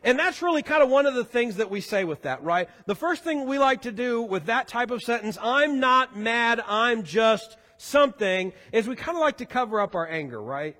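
A man's voice: very high-pitched, sing-song, fairly quick, few pauses, a bit bright. A man preaching a sermon as pastor in a church sanctuary, talking in a conversational, joking way. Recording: echoey hall.

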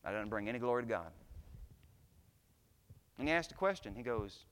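A man preaching a sermon to his church, telling stories and building to loud, impassioned climaxes. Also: mid-range voice, lively intonation, moderate pace, in a large hall. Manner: preaching, swells to shouts at climaxes. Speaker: pastor. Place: church sanctuary.

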